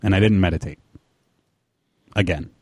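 A man's voice: sits low, normal speed, a little mellow, dry recording. A man telling a rambling, profane story in casual podcast chat, mocking himself.

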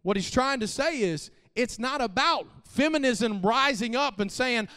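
Very high-voiced man preaching a sermon. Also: unhurried, smooth, in a large hall. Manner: animated preaching, swinging from soft asides to shouted peaks; repeats phrases for emphasis and talks straight to the congregation. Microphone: live-streamed church mic.

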